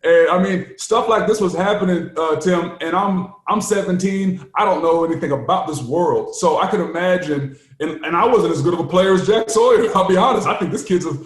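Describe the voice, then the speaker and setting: A man tells stories on a casual sports podcast, his voice sitting a bit high. He laughs easily and keeps things animated. The room adds a noticeable echo around him. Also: fairly quick, hardly any pauses. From United States. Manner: animated storyteller, laughs often. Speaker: podcast co-host, former player. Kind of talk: casual chat.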